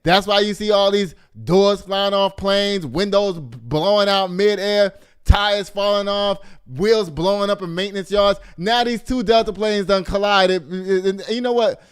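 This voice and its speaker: A man in his fifties hosting a gossip show in a casual, animated way, full of exclamations and asides to the audience. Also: sits high, unhurried, clean tone. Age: 50s. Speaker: show host.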